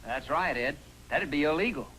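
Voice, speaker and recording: An actor playing a naive, playful young GI in a 1950s film comedy, with an innocent deadpan. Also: male voice, fairly high pitch, normal speed, slight background noise, rough recording. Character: naive, impish young male GI.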